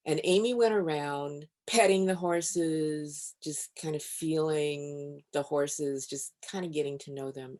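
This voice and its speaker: Low-voiced woman telling stories calmly. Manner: calm, measured storytelling. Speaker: physician and author, guest. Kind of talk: storytelling in a podcast interview.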